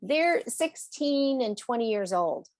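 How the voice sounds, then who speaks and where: A woman's voice: fairly high pitch, lively intonation, takes it slowly, no room sound. Chatty rambling woman, dry close sound. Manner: chatty, rambling, laughs often. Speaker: animal communicator. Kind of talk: casual chat on a podcast.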